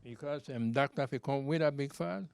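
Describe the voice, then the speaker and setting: A man's voice: medium pitch, fast talker, creaky, a little mellow, smooth. 90s Belizean Creole man telling stories. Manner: loose, repetitive storytelling in Creole speech. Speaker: interview guest. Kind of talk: rambling life-story telling.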